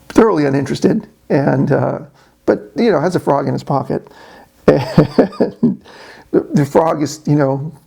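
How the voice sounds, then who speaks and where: Gravelly, rambling man vlogging. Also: a little high, mellow. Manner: rambling, full of restarts and fillers. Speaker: YouTube channel host. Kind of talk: casual vlog monologue.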